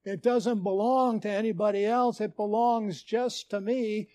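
A self-assured young woman turns others away with polite dismissal, as a man puts her on in a sermon. The voice is high and unhurried. It is recorded dry and close. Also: steady tone, warm tone, no room sound. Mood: dismissive. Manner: polite but dismissive refusal. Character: smug, possessive wise virgin, a young woman.

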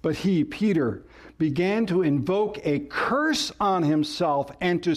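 A man's voice: high voice, animated, takes it slowly. A male pastor preaching a sermon, rising and falling sharply for emphasis and asking the congregation questions.

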